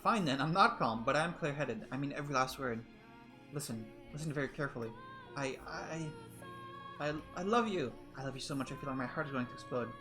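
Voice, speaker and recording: A man's voice: medium pitch, lively intonation, a little fast, music in the background, close to an everyday voice. A man voicing a flustered, earnest young woman who stammers out a love confession. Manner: breathless, stammering, insistent.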